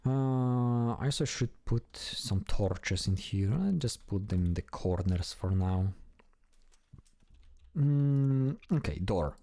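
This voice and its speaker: A man's voice: medium pitch, expressive, takes it slowly, mellow, no room sound. A man giving casual, chatty commentary while he plays a building game, talking to himself and swearing now and then. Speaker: gameplay streamer.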